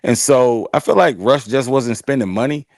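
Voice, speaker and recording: This laid-back man co-hosts a casual book chat in a mid-pitched voice. He talks slangily and draws out his phrases. The sound is dry and close to the mic. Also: moderate pace, a little mellow, no echo. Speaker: book review co-host.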